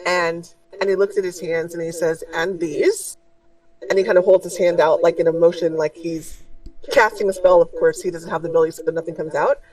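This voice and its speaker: A woman narrating as game master of a tabletop game in a relaxed way, with many fillers. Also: on the low side, fast talker, recorded from a distance, low-quality recording.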